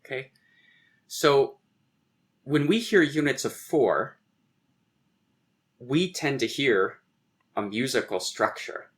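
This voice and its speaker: A man's voice: medium pitch, lively intonation, slow pace, long pauses. A man, a poet and guest, reflectively explaining verse and tapping out rhythms aloud. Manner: lecturing, taps out rhythms aloud.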